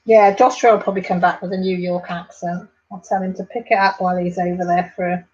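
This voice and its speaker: A woman's voice: fairly low pitch, level tone, fast talker, darkish tone, dull audio. A woman hosting a casual craft livestream, chatting and reading out viewer comments. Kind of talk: casual live chat while crafting.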